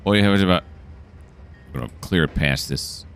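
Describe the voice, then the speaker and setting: A man's voice: low voice, normal speed, gravelly, fairly bright tone, a little hiss or hum. A man narrating a train simulator game as he plays, thinking aloud and correcting himself. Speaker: gameplay commentator. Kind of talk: relaxed let's-play narration.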